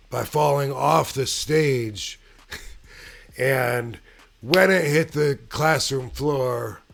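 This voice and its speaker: Slow, gravelly man telling a story. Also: medium pitch. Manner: unhurried, laid-back, with frequent pauses and fillers. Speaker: channel host. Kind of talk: casual personal storytelling.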